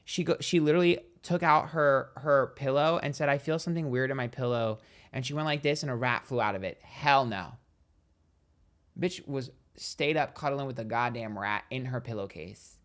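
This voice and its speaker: A man hosting a psychic livestream, telling stories in a sassy, dramatic, profane way, speaking quietly on a train. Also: medium pitch, normal speed. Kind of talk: casual livestream chat.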